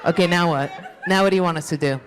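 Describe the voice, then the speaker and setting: A woman's voice: lowish voice, fast talker. A woman doing stand-up crowd work in a club, brash, profane and teasing with the audience. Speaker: stand-up comedian. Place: comedy club stage. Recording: roomy club sound from a distance. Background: laughing audience.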